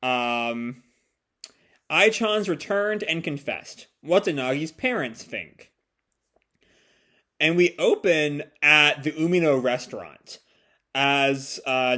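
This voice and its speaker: A man's voice: fairly high pitch, fairly bright tone. A young man reading and reacting to a comic chapter aloud, casual, with lots of fillers, swearing and laughs. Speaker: manga reaction reader.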